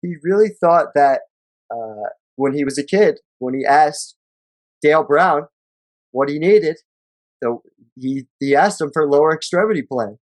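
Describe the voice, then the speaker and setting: A man's voice: on the high side, animated, a little slow, no echo. A man co-hosting a sports podcast, joking and swearing casually, reading out news articles. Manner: joking, profane, reads articles aloud. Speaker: podcast co-host.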